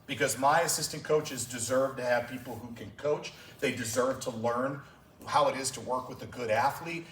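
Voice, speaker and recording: A man's voice: mid-range voice, fairly bright tone, slight background noise. A male track and field coach giving a conference talk, telling emotional stories from his coaching. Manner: emotional storytelling. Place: clinic session room. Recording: roomy hall from a distance.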